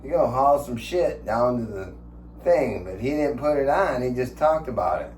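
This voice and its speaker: A man's voice: medium pitch, lively intonation, normal speed, darkish tone. A man in his sixties rambling casually at home for his vlog, swearing freely and chuckling as he tells stories. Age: 60s. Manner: profane, chuckling storyteller. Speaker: vlogger. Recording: echoey room with faint hum.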